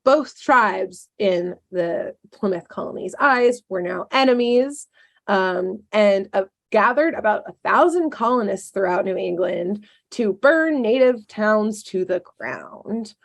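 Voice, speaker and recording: Woman podcaster, kinda gravelly voice, casual history storytelling, sarcastic asides, lots of ums. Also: medium pitch, animated, slow.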